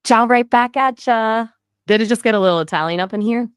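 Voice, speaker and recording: A synthetic-sounding woman's voice as an AI conversation partner, upbeat and playful, with lively jumps in pitch. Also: brisk, clean tone, no room sound, clean studio sound. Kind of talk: chatty voice assistant conversation.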